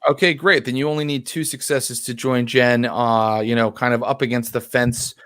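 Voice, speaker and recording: A man acting as storyteller, running a tabletop roleplaying game in a relaxed way with many fillers. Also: mid-range voice, normal speed, dry recording. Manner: relaxed, many ums and uhs.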